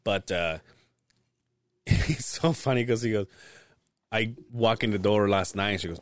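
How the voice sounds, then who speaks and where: A man's voice: fairly low pitch, a little slow, a bit bright, no echo. A man co-hosting a podcast, laid-back and profane, laughing often as he tells stories. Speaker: podcast co-host. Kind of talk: casual chat.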